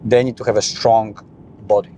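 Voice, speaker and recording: Man talking in a car, quick and animated. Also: on the low side, slight background noise. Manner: animated, frequent restarts and "you know". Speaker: podcast guest. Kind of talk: casual conversation.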